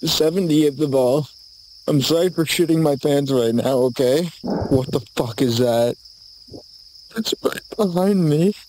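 A man's voice: a little high, a little slow, darkish tone, slight background noise, low-quality recording. A man delivering a mock apology monologue in a forest at night, rambling nervously, stammering and swearing as he talks into a handheld camera. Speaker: video creator. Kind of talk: mock apology monologue in a horror comedy short. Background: faint crickets and insects.

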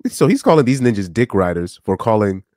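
Low-voiced man reacting to a stream. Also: a little fast, dry recording, studio quality. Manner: animated, stammering restarts, laughs often. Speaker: reaction commentator. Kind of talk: casual reaction commentary.

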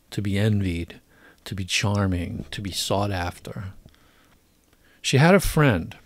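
A man narrates an audiobook in a measured, deliberate way. His voice sits on the low side, and the recording is close and dry with no reverb. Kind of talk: scripted narration.

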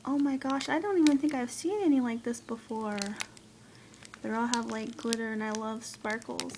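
A woman's voice: on the high side, normal speed, background noise. Gushing woman unboxing craft goodies. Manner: gushing, excitable, squeals and gasps. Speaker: craft vlogger. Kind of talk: casual unboxing chat.

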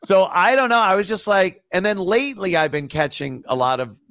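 Wry, profane middle-aged man, higher pitch. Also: lively intonation, a little fast, fairly bright tone, clean tone, no room sound, studio quality. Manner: profane, wry, laughs often. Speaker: guest, former radio host. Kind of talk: casual podcast chat.

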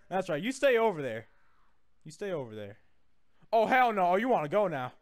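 A man hosting a gaming session, trash-talking his opponent, jumping from yells to low taunting mutters and laughing a lot. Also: very animated, moderate pace. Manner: swings between yelling and low taunting mutters, laughs often. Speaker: gaming channel host. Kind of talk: trash-talking gameplay commentary.

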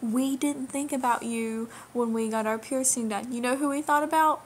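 A woman's voice: sits high, fairly even intonation, moderate pace, slight background noise. Indignant young woman ranting to camera. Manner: indignant, emphatic, lecturing, repeats key phrases. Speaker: vlogger. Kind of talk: direct-to-camera rant.

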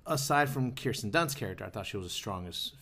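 A man's voice: fairly low pitch, expressive, quick pace, bright, forceful tone. A man hosting a casual movie podcast, rambling and hesitant, asking the others questions. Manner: rambling, hesitant, many fillers. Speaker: podcast host. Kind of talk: casual chat.

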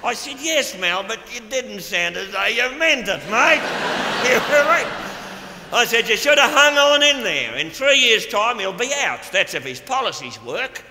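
A man's voice: very high voice, sing-song, measured pace, echoey room, in a large hall, background noise, heavily acted. A man playing a crude, boozy middle-aged Australian official in a live stand-up monologue, with a brash, gleeful drawl and an Australian accent. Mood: boorish. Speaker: stage comedian in character. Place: stage before a live audience. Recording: live theater recording with audience.

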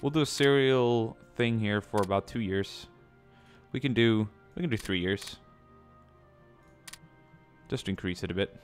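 A man's voice: fairly low pitch, a little slow, pauses often, soft background music. Chatty man narrating gameplay. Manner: chatty, many ums, jokey asides. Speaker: let's play gamer. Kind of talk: casual gameplay commentary.

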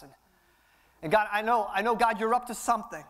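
High-voiced impassioned male preacher. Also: fairly quick, pauses often, a bit bright. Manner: impassioned, repetitive preaching cadence. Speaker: pastor. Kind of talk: sermon. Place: church sanctuary.

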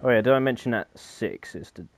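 A man's voice: medium pitch, fairly quick, soft background music. A man giving casual, jokey let's-play commentary on a horror game, easily startled and chatty. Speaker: gaming YouTuber.

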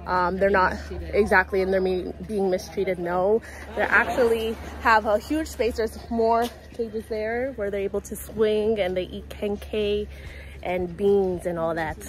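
A woman's voice: mid-range voice, steady tone, a little slow, a crowd in the background. A woman vlogging chattily and cheerfully while out and about, with music playing underneath. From Ghana. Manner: bubbly, chatty. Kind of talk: casual vlog. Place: out and about at a market, home and zoo. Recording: background music over the vlog.

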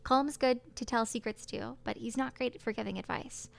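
A woman's voice: a little high, fairly even intonation, a little fast, gravelly. A woman streamer reading a visual novel aloud and reacting to it with chatty, sympathetic comments. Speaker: gaming streamer.

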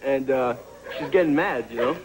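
A man's voice: medium pitch, moderate pace. A man in his twenties from the French West Indies, speaking with a French Caribbean accent as an amused game show contestant telling a story. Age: 20s. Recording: heavy background noise.

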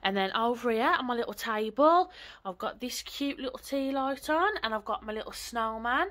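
A woman's voice: a little high, expressive, normal speed, a bit bright. A woman, chatting casually and rambling on in a home vlog from her living room. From England. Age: 20s. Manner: chatty, rambling, swears lightly. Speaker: vlogger.

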